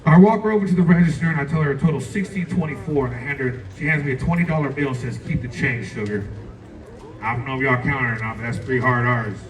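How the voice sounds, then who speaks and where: A man's voice: medium pitch, very fast, few pauses. A young man doing a stand-up set, playful and loose, talking straight to the crowd. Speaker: stand-up comedian. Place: comedy club stage. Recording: roomy club, distant mic, faint crowd.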